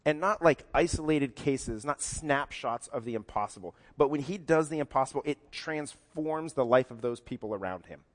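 A man's voice: medium pitch, animated, moderate pace, few pauses. A man preaching a sermon, talking conversationally and acting out quoted lines in different voices. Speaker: pastor. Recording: long hall reverb.

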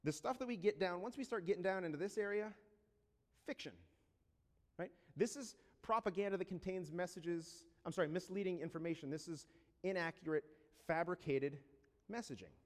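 A man preaching a sermon in a conversational way, often checking in with rhetorical questions and slowing down to read scripture deliberately. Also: high-pitched. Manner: reads scripture slowly and deliberately. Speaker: pastor. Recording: long reverb of a large hall.

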